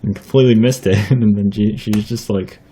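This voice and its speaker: A man's voice: on the low side, fairly even intonation, fairly quick, mellow, breathy edge. A young man telling stories in a casual vlog, rambling, chuckling often, with plenty of fillers and some casual swearing. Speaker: vlogger.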